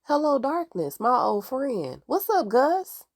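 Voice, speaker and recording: A woman's voice: sits high, big pitch swings, slow, dry recording, clean studio sound, voice pushed up, exaggerated voice. A woman doing a gloating, sing-song male monster.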